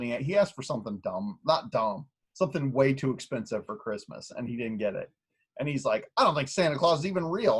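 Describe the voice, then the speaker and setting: A man in his thirties with a husky, slightly breathy voice hosts a casual podcast chat. He tells animated stories about his kids and laughs often, his pitch sitting in an everyday middle range. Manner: animated storyteller who laughs a lot. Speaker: podcast host.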